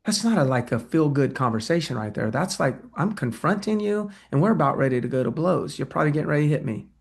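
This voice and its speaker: A man teaching agents how to win listings, lively, and he acts out both sides of a talk with a client. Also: fairly high pitch, fast, gravelly. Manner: energetic, acts out client dialogue. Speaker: real estate trainer. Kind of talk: sales training talk.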